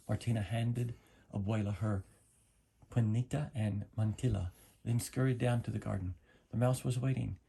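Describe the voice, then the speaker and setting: A man reading a children's story aloud as a lesson, gentle and explaining. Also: fairly low pitch, fairly even intonation, normal speed, creaky, slightly rough. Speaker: reader.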